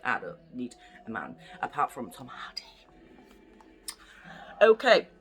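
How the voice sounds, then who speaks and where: A woman's voice: rumbling low, wildly swooping pitch, a little slow, faint music behind. A young woman from the UK reading a children's bedtime story aloud, with chatty, playful asides to the listening children. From United Kingdom.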